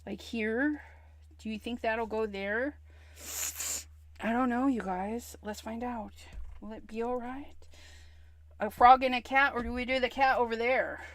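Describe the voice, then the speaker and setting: Woman, livestream craft host; higher pitch, unhurried delivery, casual running chatter to viewers. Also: steady tone, dry recording. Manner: chatty, talks to viewers while stamping, hums and murmurs to herself.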